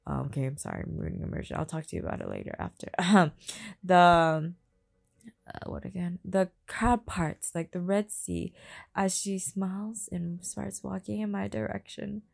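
Deadpan woman with a gravelly fry. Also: lowish voice, normal speed. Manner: monotone with chatty asides. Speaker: reader of romance novels. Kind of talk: deadpan comedic reading. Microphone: phone.

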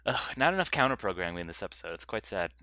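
Man, podcast co-host, sarcastic, lively pitch, bright tone, dry sound. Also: very fast, vocal fry, no echo. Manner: animated, sarcastic ranting. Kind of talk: casual chat.

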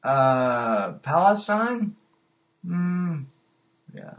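Man, podcast host, slow delivery, slightly high voice, halting. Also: sing-song. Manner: halting, repeats his words, laughs often. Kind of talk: live call-in show chat.

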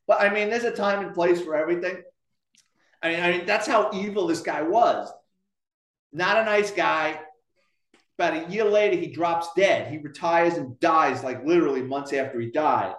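A retired detective, a man with a thick Bronx accent, spins profane cop stories with a dark, deadpan humor. His voice sits a bit high for a man, and the room gives it a noticeable echo. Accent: Bronx New York. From Bronx, New York. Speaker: retired police detective and author. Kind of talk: storytelling in casual interview. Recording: roomy echo.

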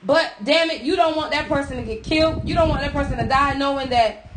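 A woman's voice: sits high, fairly quick. A woman, co-hosting a casual podcast, blunt and profane, often preaching at her listeners. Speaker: podcast co-host. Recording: echoey room with clear noise.

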